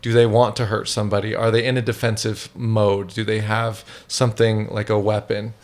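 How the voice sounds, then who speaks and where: A man's voice: on the low side, little pitch movement, moderate pace. A man hosting a podcast conversation, asking questions and thinking aloud.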